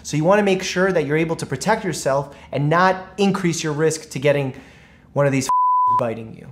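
A man's voice: a little high, lively intonation, brisk, noisy background. Goofy, joking young man doctor. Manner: goofy, joking, laughs often. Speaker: doctor and video host. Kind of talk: playful vlog clips.

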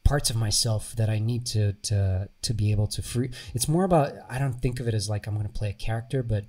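A young man from Bulgaria who speaks with an American accent, telling stories in a casual interview. His voice sits a little low, and he talks in an animated way, swearing freely. He sits slightly back from the microphone, so he sounds a bit distant. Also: brisk. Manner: animated storyteller, swears, laughs often. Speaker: actor guest. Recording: voice a bit far from mic.

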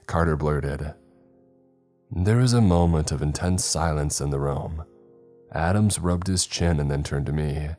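A man narrating a first-person horror story in a measured, dramatic way. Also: extremely low pitch, darkish tone. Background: faint background music.

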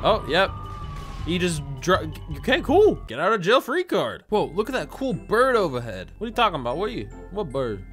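A young man doing excitable, jokey commentary over a video game, reacting loudly and often shouting at what happens on screen. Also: sits high, moderate pace. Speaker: gaming YouTuber. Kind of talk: let's play commentary. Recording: faint game music behind.

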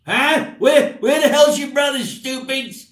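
A man putting on a grumpy old uncle who scolds everyone and calls them stupid, in a high barking voice. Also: unhurried, a bit bright. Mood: scolding. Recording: roomy, distant mic.

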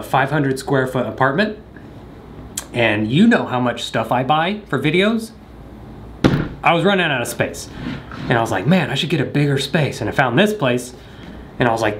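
A man's voice: medium pitch, a little hiss or hum. A man vlogging casually at home, rambling with lots of hesitant ums and jokey asides. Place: at his house.

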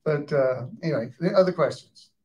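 Higher-voiced Alabama man hosting a Q&A. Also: fairly quick, darkish tone, highs cut off. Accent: Southern US, Alabama. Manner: chatty, joking, fields questions. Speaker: actor and Q&A moderator. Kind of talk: live audience Q&A.

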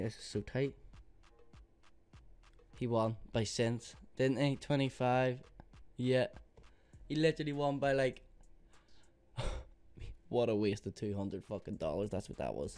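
A man's voice: medium pitch, unhurried, pauses often, darkish tone, clear, resonant tone, faint music behind. Cursing, frantic young man gambling online. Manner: swears a lot, agitated and frantic; calls viewers mate, boys, guys. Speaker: YouTuber gambling on case openings. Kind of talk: casual live gaming commentary.

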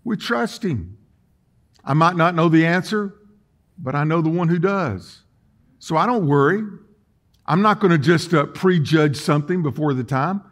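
A man preaching a sermon in a church, folksy and emphatic, swinging between quiet and loud. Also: on the high side, normal speed, pauses often. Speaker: pastor. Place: church sanctuary.

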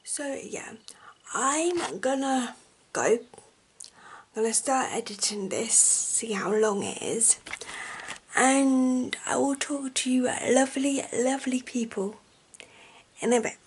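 A woman's voice: sits high, slow pace, long pauses, slight background noise, poor audio. A woman chatting casually to camera in a vlog from her bedroom, rambling and affectionate. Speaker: vlogger. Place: bedroom at home. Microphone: handheld camera.

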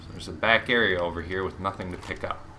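A man hosting a let's play, chatting casually and sarcastically over the game, with sudden loud shouts when the action heats up. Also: low voice, fast talker. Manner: rambling, sarcastic, bursts into loud excited shouts during fights. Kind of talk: casual gameplay commentary. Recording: game audio and noise behind the voice.

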